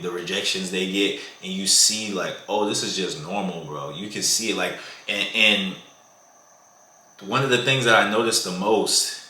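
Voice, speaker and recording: A man's voice: low voice, bright, forceful tone. A young man giving casual dating advice in a vlog, talking in slang and calling the listener "bro". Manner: slangy, says "bro" a lot. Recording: echoey room.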